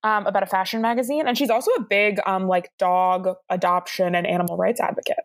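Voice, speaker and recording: A young woman co-hosting a podcast, chatting casually with wry, deadpan humor. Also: mid-range voice, quick pace, no echo, studio quality. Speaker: podcast co-host. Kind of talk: casual chat.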